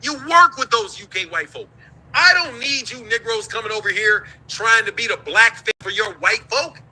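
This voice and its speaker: A man's voice: high-pitched, moderate pace, pushed and bright, poor audio. A man from the United States hosting a show, ranting in heated, profane commentary and laughing between his points.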